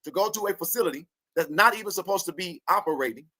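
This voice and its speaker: A man's voice: high-pitched, fast talker, no room sound. A man giving a fired-up commentary rant, cussing and laughing as he talks to his viewers. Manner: animated, cussing, laughing often. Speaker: online commentator.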